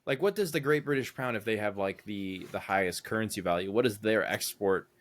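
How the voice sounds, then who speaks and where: Young male podcast co-host, low voice, easygoing rambling delivery. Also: brisk. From United States. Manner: rambling, thinks aloud with many fillers. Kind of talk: casual chat.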